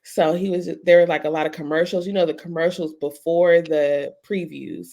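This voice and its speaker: Podcast co-host: woman in her 30s, lively anecdotes. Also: on the low side, normal speed. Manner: animated storytelling, laughs often. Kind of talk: casual chat.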